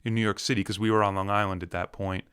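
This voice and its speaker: A man interviewing a guest in a relaxed, conversational way, laughing along. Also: on the low side, fast talker, smooth. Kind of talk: casual interview chat.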